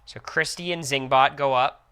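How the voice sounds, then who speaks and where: A man's voice: medium pitch, clear, resonant tone. A young man giving casual, reactive play-by-play commentary on a live stream. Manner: quick, reactive play-by-play with excited outbursts.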